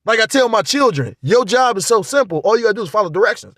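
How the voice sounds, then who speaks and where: A man with a high, animated voice rants casually to his viewers about faith and trust. His talk is profane and rambling, full of restarts. The sound is dry and close. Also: fast talker, dry recording. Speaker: vlogger. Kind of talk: casual spiritual monologue.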